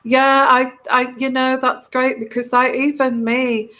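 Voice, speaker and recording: Slow-talking Yorkshire woman chatting live. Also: high voice, level tone, pushed and bright. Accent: Northern English, Yorkshire. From Northern England. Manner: chatty, reacts to viewer comments, many ums and restarts. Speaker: tarot reader hosting a live chat. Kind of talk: casual live-stream chat.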